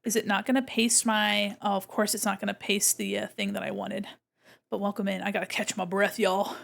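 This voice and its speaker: A woman's voice: medium pitch, level tone, a little fast, creaky, fairly bright tone. A woman streamer chatting casually while she draws. She is bubbly, greets her chat and exclaims often.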